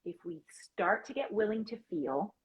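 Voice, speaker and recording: A woman's voice: mid-range voice, animated, normal speed, muffled recording. Playful woman guest on a live chat. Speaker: guest performer. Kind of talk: casual live-stream chat.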